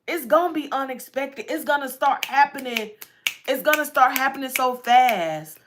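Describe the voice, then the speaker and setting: A woman's voice: high-pitched, normal speed, background noise. A woman giving a casual tarot reading, chatty and repetitive, often breaking into laughs. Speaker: tarot reader.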